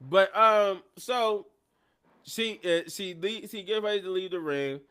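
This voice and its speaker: A man hosting a live show, retelling events in a casual, animated recap and acting out the quotes. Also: high-pitched, takes it slowly, clean tone.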